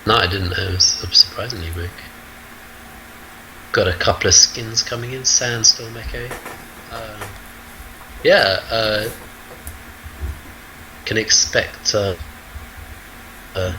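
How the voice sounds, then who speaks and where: Scottish male caster, very low voice, halting delivery, faint background hum. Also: bright, forceful tone, poor audio. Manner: hesitant, many ums and uhs. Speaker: esports caster. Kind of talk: casual game commentary.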